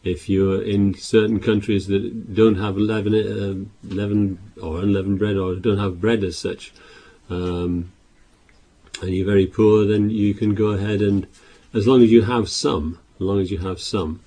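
A male preacher with a low, mellow voice and a slightly husky edge. He gives a sermon, raising his voice to read scripture and then dropping back to explain it with halting restarts. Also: fairly even intonation. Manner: reads scripture aloud louder, with halting restarts.

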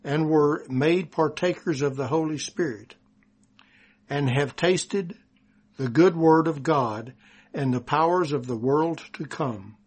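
Texan male preacher, unhurried, deliberate scripture reading, husky delivery. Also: a little high, a little mellow. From Texas. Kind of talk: sermon.

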